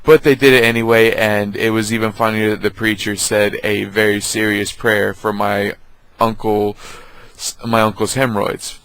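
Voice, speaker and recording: A man vlogger telling funny family stories in a casual, halting way, with many ums. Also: lowish voice, level tone, fairly bright tone, clean tone, low-quality recording. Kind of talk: casual storytelling.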